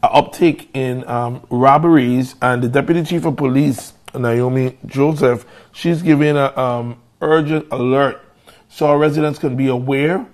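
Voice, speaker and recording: A man hosting a morning show, giving upbeat shout-outs in local slang. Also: mid-range voice, steady tone, a little slow. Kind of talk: casual radio-style morning show talk.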